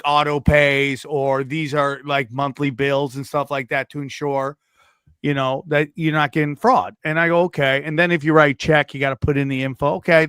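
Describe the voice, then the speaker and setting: A man's voice: on the high side, clean tone, dry recording, clean studio sound. A man co-hosting a comedy podcast, telling a story in casual chat and putting on voices for the people in it. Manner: animated, puts on voices for people in his stories. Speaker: podcast co-host.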